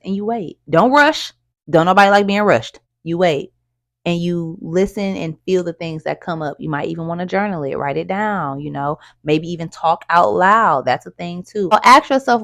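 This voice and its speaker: A young woman coaching in a casual motivational talk, chatty and affectionate, calling the listener "baby" and swinging from soft, quiet stretches to loud, lively ones. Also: fairly low pitch, normal speed, creaky, no room sound, clean studio sound. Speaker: life coach.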